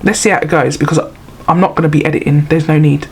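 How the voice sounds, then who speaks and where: A woman's voice: sits low, fairly even intonation, quick pace, husky. A middle-aged woman, chatting to camera in a rambling, self-mocking way. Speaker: vlogger. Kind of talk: casual chat to camera.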